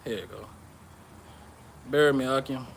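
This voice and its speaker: A man giving an informal sermon on prophecy, reading scripture aloud and explaining it, often checking in with "okay?" and "all right?" and pausing with "uh". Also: mid-range voice, vocal fry, slight background noise. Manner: pauses with "uh" and restarts. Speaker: bible teacher.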